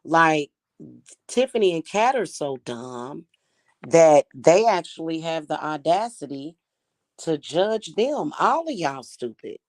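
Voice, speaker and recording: A woman's voice: deep voice, animated, slow pace, darkish tone, no room sound. A young woman venting in an angry, profane rant, blunt and scornful as she talks. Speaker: spiritual reader and vlogger. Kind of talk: angry ranting monologue.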